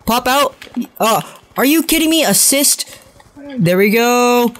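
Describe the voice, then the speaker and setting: A young man narrates his own online match as he plays. He calls out moves and enemies in a casual voice, then flares into exasperated, self-mocking rants and shouts at teammates. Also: very high voice, slow pace. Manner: excitable, frustrated outbursts and self-mocking rants. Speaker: gaming commentator. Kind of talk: live gameplay commentary.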